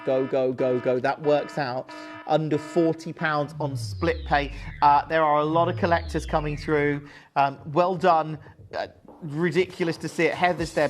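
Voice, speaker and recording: A man presenting jewellery on a live shopping channel, chatty and upbeat, urging viewers to buy. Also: a little high. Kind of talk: live jewellery sales pitch. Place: television studio.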